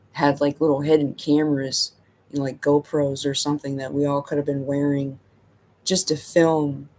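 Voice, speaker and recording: A man's voice: fairly high pitch, a little mellow, a little hiss or hum. A middle-aged man telling a casual story as a channel host, rambling and self-amused, filling his talk with "you know" and "like".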